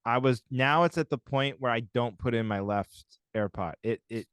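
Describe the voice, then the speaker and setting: A young man trades jokes and playful arguments in a casual podcast chat. His voice is smooth and resonant despite a slight husky edge, recorded close and dry. His pitch sits at an ordinary middle level. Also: moderate pace, fairly bright tone, no room sound. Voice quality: husky, like a smoker's voice right now. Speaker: podcast co-host.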